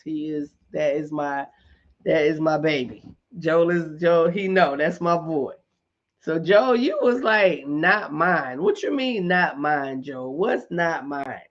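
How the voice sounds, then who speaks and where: A middle-aged woman hosting a casual live chat with her viewers, talking in an animated way, repeating points for emphasis and laughing often. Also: sits low, takes it slowly, highs cut off. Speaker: host.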